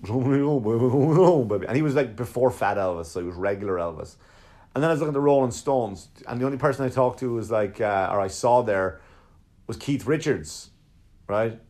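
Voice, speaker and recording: A man, a comedian, telling a rambling, profanity-laced story in casual conversation, slipping into quick impressions of the people in it. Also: fairly low pitch, a little mellow. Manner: profane, rambling, mimics others in quotes.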